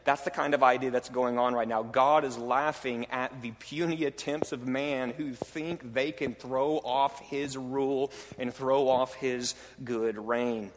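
A man's voice: mid-range voice, steady tone, unhurried, hardly any pauses, a little hiss or hum. A man preaching a sermon as a pastor, moving from emphatic declarations to casual, conversational asides. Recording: long hall reverb.

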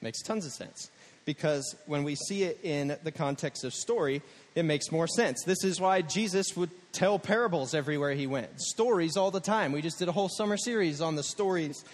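A man's voice: on the high side, normal speed, long reverb tail. A man preaching a sermon as a pastor, telling stories casually and acting out the quotes. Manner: conversational storytelling, acts out quotes.

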